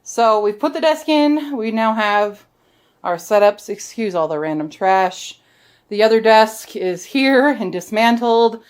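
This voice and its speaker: Woman vlogger, bit high voice, chatty and playful, dotes on her dog, recorded at home on camera. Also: lively intonation, a little slow, smooth. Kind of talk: casual home vlog. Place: at home, in a room being set up.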